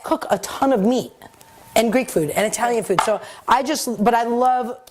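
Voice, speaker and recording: A woman's voice: fairly high pitch, moderate pace, background noise. A woman chef from Rhode Island in her thirties, chatting casually while cooking, laughing and teary-eyed from onions. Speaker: guest chef. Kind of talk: casual cooking demo chat. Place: home kitchen.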